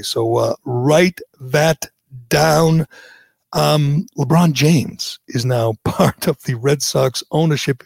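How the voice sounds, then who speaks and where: Male podcast host, gravelly, teasing and blunt, dry studio sound. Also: on the high side, no echo. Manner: blunt, teasing, rambling with fillers. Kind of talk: casual chat.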